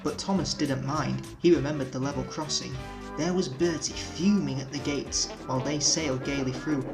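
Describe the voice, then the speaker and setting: Brief: gentle storybook narrator, man, mid pitch, soft music under. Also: steady tone, moderate pace, rough recording. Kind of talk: children's storybook reading.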